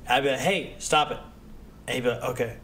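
A young man hosting a podcast, talking in a relaxed, rambling way and laughing often. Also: medium pitch, a little fast, a little hiss or hum. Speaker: podcast host. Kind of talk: casual chat.

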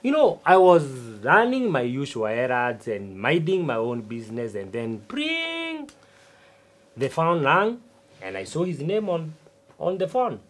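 A boastful stubborn old farmer. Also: male voice, a little high. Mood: self-important. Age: older. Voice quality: animated, drawn-out rhetorical asides. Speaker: substitute teacher. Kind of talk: TV sitcom acting.

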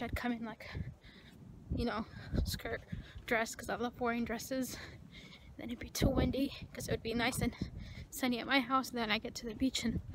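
A young woman vlogging casually, rambling in a self-conscious way and often dropping to a hushed voice, filmed on a handheld phone out at a beach, in a car and at a gym. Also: a little high, background noise. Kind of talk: casual vlog chat.

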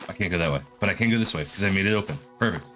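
A man commentating his own horror game play, jumpy and animated, talking to himself and repeating words. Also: sits low, racing, music in the background. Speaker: gaming streamer.

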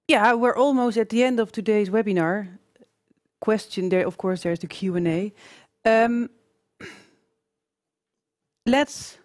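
A woman summarizing a webinar lesson, hesitant with many pauses and ums. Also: mid-range voice, a little mellow. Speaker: co-presenter of a webinar.

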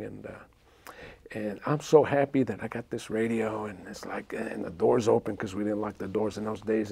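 A man's voice: fairly low pitch, vocal fry, darkish tone, slightly rough. A man, a talk-show guest animatedly telling a childhood story and acting out the voices. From New York City. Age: 60s.

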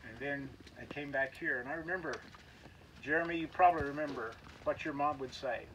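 A man with a fairly high voice delivers a folksy graveside sermon, retelling a scripture story and acting out the lines of its characters. He is recorded outdoors from a distance, and a clear layer of outdoor noise runs behind him. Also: a little fast, fairly bright tone. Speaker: pastor at a graveside service.

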